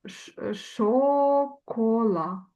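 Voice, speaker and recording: A woman's voice: a little high, extremely slow, dark tone. A woman student reading words aloud in a lesson, hesitant and sounding them out.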